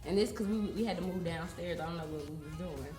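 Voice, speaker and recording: Brief: a woman volunteer, fast and casual, telling a story with a laugh, in an echoey room. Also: lowish voice, mellow, soft background music. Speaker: ministry volunteer.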